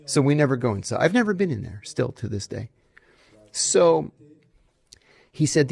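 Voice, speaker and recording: Speaking with a medium pitch that's gravelly and a bit breathy, a middle-aged man who used to work in intelligence recounts animated anecdotes for an interview. He acts out the quoted dialogue.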